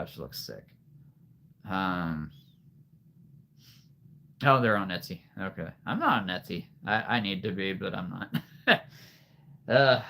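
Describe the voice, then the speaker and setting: Male livestream host, unhurried and low-pitched, rambling and chuckling, a touch breathless. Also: a bit bright, slight background noise. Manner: rambling, chuckles often, playful wordplay. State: a bit out of breath. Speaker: livestream host, figure collector. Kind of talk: casual livestream chat reading comments.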